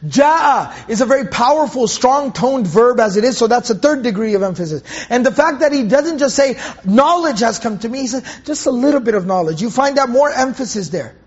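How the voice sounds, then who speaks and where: A man teaching a Quran commentary lesson in an earnest way, repeating phrases for emphasis and reciting Arabic verses slowly. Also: very high-pitched, animated, breathy edge. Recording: dull, muffled lo-fi recording.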